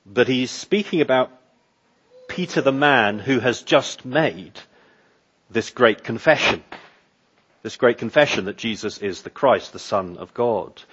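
A man delivers a sermon in a slow, deliberate way, leaning hard on repeated phrases for emphasis. His voice is slightly husky and sits in a middle register. The recording is muffled and lo-fi. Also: medium pitch, expressive, fairly bright tone. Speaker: pastor.

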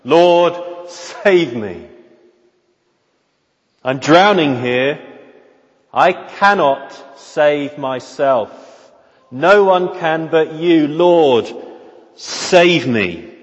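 A man's voice: on the high side, lively intonation, very slow, long pauses, voice pushed up. A man voicing a desperate drowning male disciple who cries out for help in a raised, pleading voice. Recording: reverberant hall, dull lo-fi sound.

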